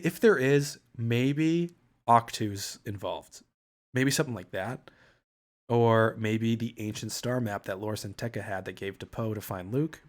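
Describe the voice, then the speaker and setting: A man hosting a casual livestream chat, rambling, swearing freely and often restarting his sentences. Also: fairly low pitch. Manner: rambling, profane, with frequent restarts. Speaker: livestream host.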